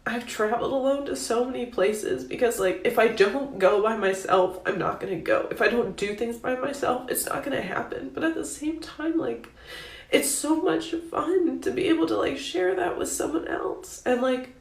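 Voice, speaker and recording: A young woman who is crying and confides in a halting way, with lots of filler. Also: high-pitched, gravelly. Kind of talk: confessional vlog. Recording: echoey room.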